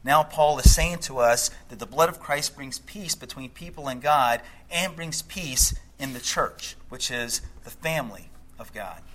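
A middle-aged male pastor delivering a sermon, telling a story, then speaking by turns softly and with emphasis. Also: mid-range voice, lively intonation, measured pace, hardly any pauses, slight background noise, low-quality recording. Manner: storytelling, shifts between hushed and emphatic.

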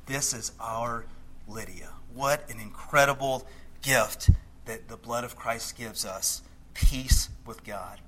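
Bright-voiced male pastor preaching. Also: mid-range voice, low-quality recording. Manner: storytelling, shifts between hushed and emphatic. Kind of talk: sermon.

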